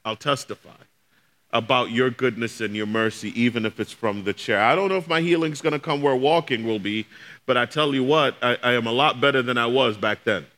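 Brisk and fairly bright at medium pitch, a middle-aged man preaches his personal testimony as a pastor. He spins it as a story, taking on the voices of those he quotes.

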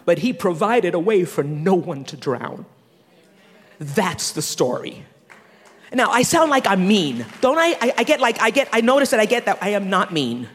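A man preaching a sermon, animated, swinging between loud and hushed with quick asides. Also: high voice, slightly rough. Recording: long reverb of a large hall.

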